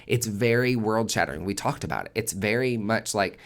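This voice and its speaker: A man's voice: on the low side, brisk, a bit bright. A man hosting a monthly tarot forecast in a casual spoken monologue, swearing constantly and driving his points home with emphatic repetition.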